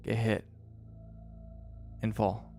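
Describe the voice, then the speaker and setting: A man narrating a tabletop game as game master, in a dramatic, drawn-out style with pauses. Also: lowish voice, little pitch movement, darkish tone, soft background music.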